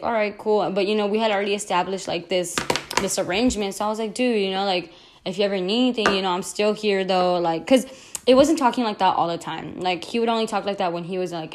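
A young woman hosting a podcast, telling a casual storytime with lots of fillers and restarts. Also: mid-range voice. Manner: rambling, many "like" fillers and self-corrections. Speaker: podcast host.

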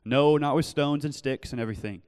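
A young man preaching earnestly in a church, telling his own story and then pleading gently with listeners. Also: mid-range voice, brisk, clear, resonant tone, big-room sound. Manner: earnest, shifts from loud storytelling to soft pleading. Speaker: pastor. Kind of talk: sermon with personal testimony. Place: church hall.

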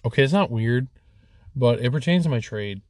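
Male podcast co-host from Michigan, mid-pitched, dry close sound, crude and blunt chatter. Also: moderate pace, no room sound. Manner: crude, swears a lot, blunt and animated. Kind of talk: casual podcast chat.

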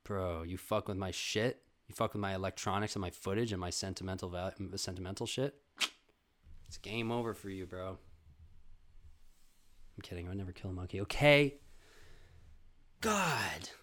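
A young man telling a comedic story, animated and swearing, calling listeners bro and dude. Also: deep voice, a little fast, pauses often.

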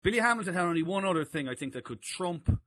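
A man telling a story in a casual podcast chat, animated and laughing. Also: high-pitched, fast. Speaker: podcast co-host.

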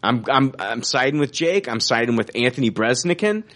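A man co-hosting a casual fan podcast, excited and rambling, swearing now and then. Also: medium pitch, brisk. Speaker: podcast co-host.

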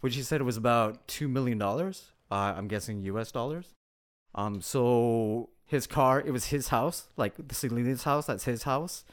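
A man in his thirties co-hosting a casual movie podcast, relaxed and storytelling, swearing freely and acting out quotes. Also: medium pitch, moderate pace. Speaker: podcast co-host. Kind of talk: casual film discussion chat.

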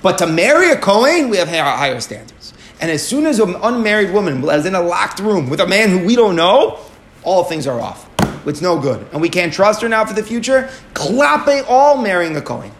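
A man's voice: high voice, big pitch swings, moderate pace, fairly bright tone. A man teaching a Talmud lesson, explaining step by step and asking and answering his own questions, with Aramaic and Hebrew terms mixed in.

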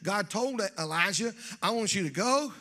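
A man preaching a folksy, joking sermon in church that builds to shouting. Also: high-pitched, expressive, moderate pace. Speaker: pastor.

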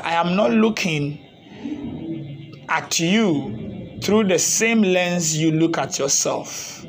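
High-voiced earnest male preacher. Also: lively intonation, takes it slowly. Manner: earnest, repetitive, pleading preaching. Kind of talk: sermon.

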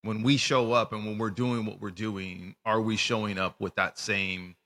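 A man co-hosting a casual faith podcast, animated and lively, who stumbles and restarts his words. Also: fairly low pitch, moderate pace, in a large hall. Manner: animated, acts out voices in retellings, restarts words. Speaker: podcast co-host. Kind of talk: casual faith discussion with scripture reading.

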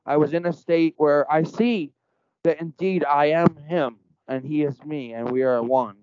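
A man's voice: on the high side, unhurried, darkish tone, clear, resonant tone, no room sound. A man telling a story in casual conversation as a podcast guest, earnest and rambling, framing it in spiritual terms. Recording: dull lo-fi dry sound.

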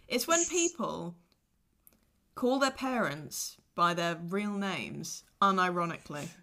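A woman's voice: fairly low pitch, expressive, slow, vocal fry, sharp tone. A young woman hosting a casual podcast chat, chatty and playful. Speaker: podcast host.

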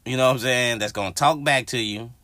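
A man fires off a fast, profane solo rant on his own podcast, animated and speaking directly to the people listening. The voice is mid-range, and there's no echo.

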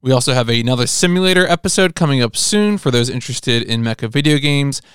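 A man hosting a podcast, briskly reading show notes and ways to support the show. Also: mid-range voice, animated, fairly bright tone, clear, resonant tone, no room sound, studio quality. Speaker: podcast host.

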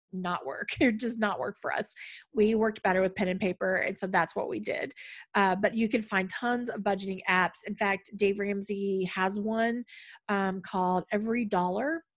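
A middle-aged woman talking in a casual, conversational way, with frequent fillers and a storytelling flow. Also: mid-range voice. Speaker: podcast speaker on money. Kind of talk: casual talk.

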